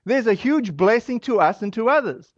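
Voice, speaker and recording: A man giving a relaxed, conversational sermon, full of fillers and lively asides. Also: high-pitched, normal speed, dry recording. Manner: casual and animated, acts out quoted voices, many fillers. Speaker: preacher. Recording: dry, dull lo-fi audio.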